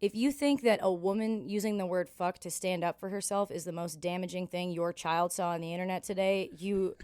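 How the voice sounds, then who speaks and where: A Canadian country singer in her thirties, guesting on a podcast, tells road stories in a casual interview, candid and profane and animated when voicing the people in them. Her lowish voice is smooth and a little fast, with no echo.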